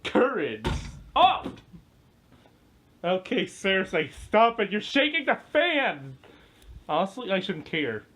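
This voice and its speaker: A woman giving playful live commentary at home, excitable and full of yelps and exclamations, recorded on a camera mic indoors. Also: mid-range voice, takes it slowly, long pauses, slightly rough. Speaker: home video maker.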